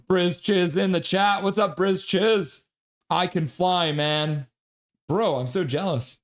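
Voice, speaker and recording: A man's voice: sits high, extremely slow, pauses often. A man casually calling a hockey game play-by-play on a live stream, reading chat and laughing along. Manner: chatty, reads chat messages aloud, laughs often.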